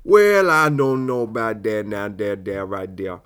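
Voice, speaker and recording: Comic doing a slow, drawling old-timer, rambling and folksy. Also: male voice, fairly low pitch, fairly bright tone, clear, resonant tone.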